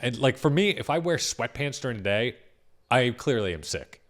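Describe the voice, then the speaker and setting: A man chats casually as a podcast guest, dropping wry comments and the odd swear word. His pitch rises and falls freely as he talks. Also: lively intonation, normal speed. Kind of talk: casual chat.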